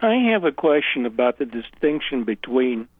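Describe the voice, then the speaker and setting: A man calling in to a radio show, laying out his question carefully and deliberately. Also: mid-range voice. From Illinois. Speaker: caller. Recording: tinny phone line.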